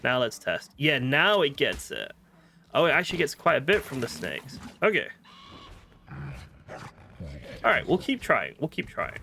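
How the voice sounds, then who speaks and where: A man's voice: medium pitch, wildly swooping pitch, measured pace, gravelly, long pauses, sharp tone, slight background noise. A man with a northern British accent chatting casually while playing a video game, thinking aloud and poking fun at himself. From northern Britain. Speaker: gaming streamer. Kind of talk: casual gameplay commentary.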